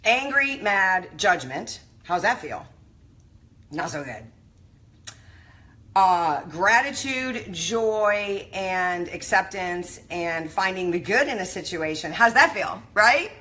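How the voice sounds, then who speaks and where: A middle-aged woman hosts a motivational live stream in a bright, forward voice. She talks in a casual, effusive way and calls out to her viewers by name. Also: fairly low pitch, lively intonation, a little slow.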